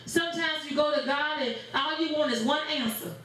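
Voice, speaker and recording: A woman's voice: sits high, moderate pace, a bit bright. A woman pastor preaching a sermon in a church, with rhythmic phrasing and call-and-response. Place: church sanctuary. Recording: very echoey church room.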